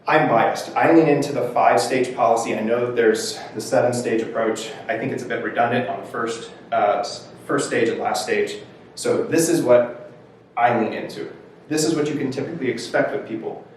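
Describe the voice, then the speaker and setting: A man's voice: medium pitch, a little hiss or hum. A male mental health counselor giving an educational presentation in a conversational lecturing manner, stressing key words. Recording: echoey room from far off.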